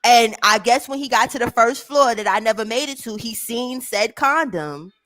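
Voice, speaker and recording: A young woman telling a story in an animated way, swearing freely and jumping up into the voices of her family members. Her voice sits a little high. The recording is very dry and close. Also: normal speed, no echo. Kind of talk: casual storytelling chat.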